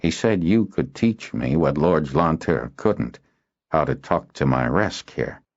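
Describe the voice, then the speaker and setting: A man voicing a gruff, stubborn old male handler who talks slowly and softly, in an audiobook. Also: very deep voice, expressive, dry recording, exaggerated voice. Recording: dull lo-fi audio.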